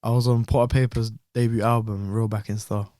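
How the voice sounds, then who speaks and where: A man's voice: medium pitch, brisk, no room sound, studio quality. Young man telling stories. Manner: animated storyteller, heavy slang, repeats words. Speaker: podcast guest. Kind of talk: casual chat.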